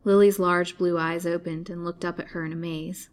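Lower-voiced woman reading a story aloud. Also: flat delivery. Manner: measured, dramatic reading. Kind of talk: scripted narration of a serialized novel.

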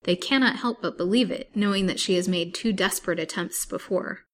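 A woman voicing a blustering, scornful old man who scolds loudly and is a coward at heart. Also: medium pitch, fairly quick, a little hiss or hum, lightly acted. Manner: loud, scolding, contemptuous.

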